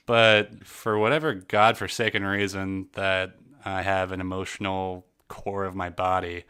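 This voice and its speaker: A man's voice: low voice, little pitch movement, unhurried, bright, forceful tone, clear, resonant tone. A man co-hosting a casual movie podcast, rambling with many fillers and sarcastic asides, laughing often. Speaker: podcast co-host.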